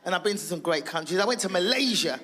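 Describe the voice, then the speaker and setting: Woman doing standup, loud brash and sweary, bright sharp voice, acts out bits. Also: on the low side, expressive, fast, husky. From England. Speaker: stand-up comedian. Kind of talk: stand-up comedy.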